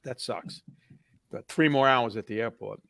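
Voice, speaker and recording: A man's voice: medium pitch, moderate pace, creaky, fairly bright tone. A man co-hosting a casual podcast chat, telling loose stories about his travels. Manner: loose, chatty, tells travel anecdotes. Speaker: podcast co-host, band member.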